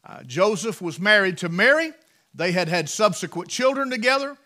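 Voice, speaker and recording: A man with an Appalachian accent preaching a sermon from the pulpit in a folksy way, repeating words and building to loud, emphatic peaks. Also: high-pitched, big pitch swings, moderate pace. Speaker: pastor. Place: church sanctuary.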